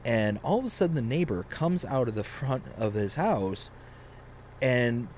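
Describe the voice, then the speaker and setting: A young man casually telling a long story on a game live stream, rambling and animated, with lots of fillers. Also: medium pitch, a little slow, a little hiss or hum.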